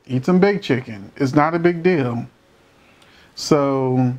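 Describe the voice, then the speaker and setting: Male commentator, casual and opinionated, emphatic with rhetorical questions; medium pitch, muffled lo-fi audio. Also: darkish tone. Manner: holds back from cursing. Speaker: commentator reacting to a court show.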